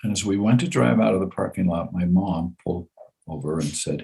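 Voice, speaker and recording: Man, 70s, deep low voice, storytelling guest, animated, chuckling, repeats phrases. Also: brisk, gravelly, slight background noise. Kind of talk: personal storytelling in conversation.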